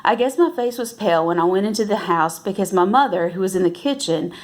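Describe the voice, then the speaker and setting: A woman reading a novel aloud at an unhurried pace, now and then correcting herself and lifting her voice for the characters' lines. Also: mid-range voice, lively intonation. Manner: unhurried, with self-corrections and restarts. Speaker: reader.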